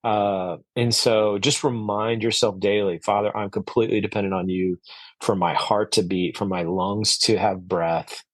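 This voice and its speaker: A man's voice: fairly low pitch, fairly even intonation, moderate pace, no room sound. A man speaking as a podcast guest, earnest and reflective, with frequent fillers and restarts. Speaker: podcast guest, orchard owner. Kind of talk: conversational interview.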